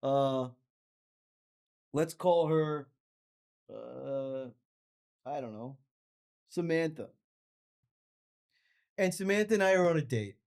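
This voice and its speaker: A man hosting a comedy podcast and telling stories in a profane, ranting monologue that builds to shouts. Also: on the high side, slow pace, creaky, long pauses, smooth. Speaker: podcast host.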